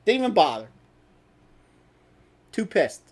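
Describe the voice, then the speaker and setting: Brief: male host, lively swooping delivery, sarcastic profane rants. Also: sits high, slow. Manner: angry, sarcastic, profane ranting. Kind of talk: ranting talk stream.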